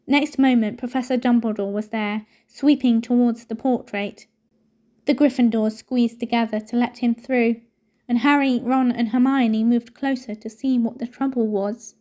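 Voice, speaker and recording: A woman reading a novel aloud in a steady storytelling manner. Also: on the high side, normal speed. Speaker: reader.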